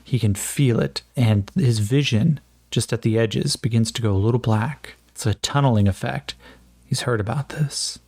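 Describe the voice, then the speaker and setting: A man's voice: mid-range voice, normal speed, darkish tone, dry recording. Casual man narrating a solo tabletop game. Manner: casual, thinking aloud with frequent fillers; jokes at his own accent attempts.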